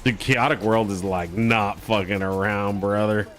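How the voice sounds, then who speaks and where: A man hosting a live game stream in casual chat, swearing, joking and breaking into loud excited laughter. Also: lowish voice, unhurried, soft background music. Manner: profane, jokey, bursts into loud excited laughter. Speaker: streamer host.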